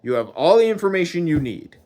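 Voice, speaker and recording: A man's voice: high voice, sing-song, brisk, a little mellow, voice pushed up. A man voicing an angry, foul-mouthed God who berates and scolds. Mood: scolding. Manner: swearing, berating.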